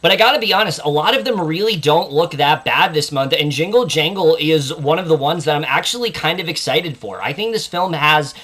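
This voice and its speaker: A man's voice: on the high side, lively intonation, fairly quick, few pauses, bright, forceful tone. A young man hosting a casual movie preview, enthusiastic and full of fillers. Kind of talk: casual film chat.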